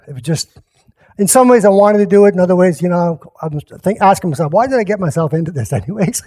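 High-voiced rambling pastor, man. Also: dark tone. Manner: rambling, self-interrupting, chuckling asides to listeners. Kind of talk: casual sermon storytelling.

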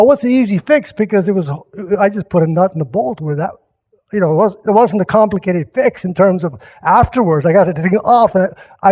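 A pastor with a notably high male voice tells a meandering everyday story as a casual sermon. He stumbles, restarts, and keeps turning to his listeners with little asides. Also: darkish tone. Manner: rambling, self-interrupting, chuckling asides to listeners.

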